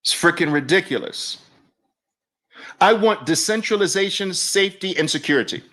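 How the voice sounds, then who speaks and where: A man's voice: high-pitched, lively intonation, moderate pace, sharp tone. A man hosting a live online audio room, talking emphatically and mockingly and repeating phrases for effect. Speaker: host.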